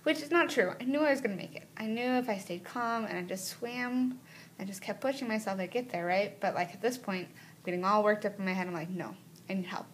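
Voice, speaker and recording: A chatty woman vlogger tells a story straight to camera in a relaxed, animated way. Her voice sits at an ordinary middle pitch, and she keeps tossing in little check-ins as she talks. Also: a little fast, slight background noise. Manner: chatty, animated, full of "like" and "right?". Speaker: travel vlogger.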